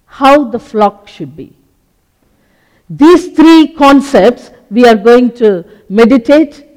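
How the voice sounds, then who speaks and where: Slow high-voiced preacher in a hall. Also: male voice, a little mellow. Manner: slow, deliberate teaching with many short pauses. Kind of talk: sermon. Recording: long hall reverb.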